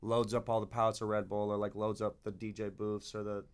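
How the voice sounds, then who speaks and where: A young man on a podcast, telling a story in a loose, rambling way that is full of restarts and "like". His voice sits somewhat low. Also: flat delivery, over a noisy crowd. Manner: rambling, halting, many restarts and fillers. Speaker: guest. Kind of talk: casual chat.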